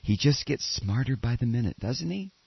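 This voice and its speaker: A man from Texas hosting a podcast, giving sarcastic, animated political commentary. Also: medium pitch, moderate pace, vocal fry, breathy edge, no echo, muffled recording. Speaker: podcast host.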